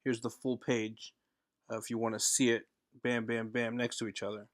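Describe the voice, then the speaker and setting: Guy rambling through his comic script, middle pitch, lots of uh and restarts, dry close mic. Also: level tone, normal speed, no room sound. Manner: rambling, self-correcting, with frequent uh fillers. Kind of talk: casual tutorial voice-over.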